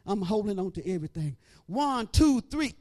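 A middle-aged woman preacher giving an animated testimony, breaking into praise and shouting at the peaks. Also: medium pitch, normal speed. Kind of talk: testimony sermon.

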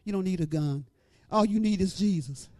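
At a moderate pace, a woman preaches, moving from a hushed, low opening to loud, sing-song passages built on rhythmic repeats.

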